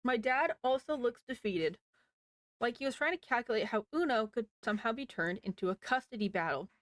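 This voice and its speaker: A woman's voice: on the high side, expressive, a little fast, fairly bright tone, no room sound. A woman reading online posts aloud in a casual way, with wry asides to the listener.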